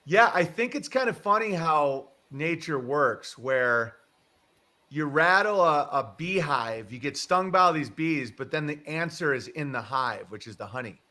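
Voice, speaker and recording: Chatty streamer guy, kinda high voice, rambles and swears offhand. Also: expressive, measured pace, bright, forceful tone. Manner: rambling, chuckling, swears casually. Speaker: livestream host. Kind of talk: casual chat.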